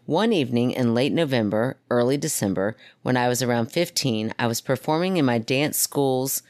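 Very low-voiced chatty woman podcaster. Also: lively intonation, a little mellow, no echo, studio quality. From United States. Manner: joking, chatty, drawn-out reactions. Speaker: podcast co-host. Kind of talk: casual chat reading a listener story.

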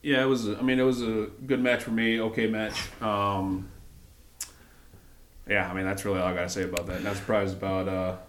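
A man with a fairly low voice recapping wrestling in a casual chat. He talks hesitantly, with lots of ums and restarts, and the sound is echoey, as if recorded in a bare room. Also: little pitch movement, brisk, noisy background. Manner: hesitant, many fillers and restarts. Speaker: podcast co-host.

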